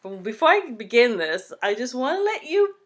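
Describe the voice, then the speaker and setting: A young woman with a Caribbean English accent talks straight to her viewers in a casual storytime vlog. She is chatty and expressive, getting loud on some phrases and then dropping into soft, whispery asides. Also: fairly high pitch, normal speed. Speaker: vlogger.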